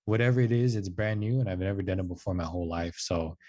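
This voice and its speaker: A man in his twenties talks in a lowish voice as a podcast guest. He tells a personal story in a loose, casual way, saying "like" and "dude" a lot. He jumps up in pitch when he acts out what other people said. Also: fast talker. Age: 20s. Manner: animated, acts out quotes with raised voice; casual, says "like" and "dude" often.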